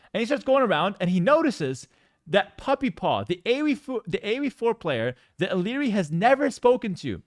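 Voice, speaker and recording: A man's voice: high voice, no room sound. A man streaming, telling a story in a casual, joking way with exaggerated mock outrage.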